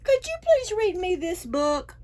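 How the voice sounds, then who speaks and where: A woman voicing a hopeful young male dragon in a storybook, pleading sweetly in a high voice. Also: sing-song, unhurried, darkish tone, heavily acted.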